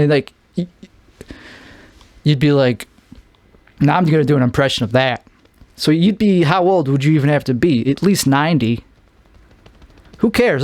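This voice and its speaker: A man's voice: on the high side, darkish tone, no echo. A man from Chicago with a Chicago accent, rambling through a solo podcast monologue, often restarting and trailing off. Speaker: podcast host.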